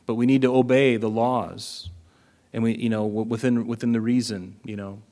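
A man's voice: mid-range voice, little pitch movement, normal speed, warm tone. Guy preaching, chatty, keeps asking the crowd questions, acts out the quotes. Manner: conversational, asks the congregation questions, acts out quoted lines. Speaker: pastor. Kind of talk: sermon.

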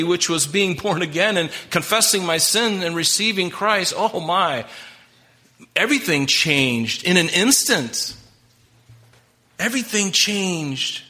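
A man's voice: on the high side, bright, forceful tone. A man preaching a sermon as pastor, emphatic and impassioned, talking straight to his congregation.

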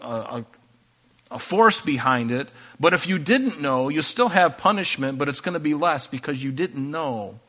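A man's voice: on the high side, a bit bright. A man preaching a sermon, reading scripture aloud and breaking off into conversational asides. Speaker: pastor.

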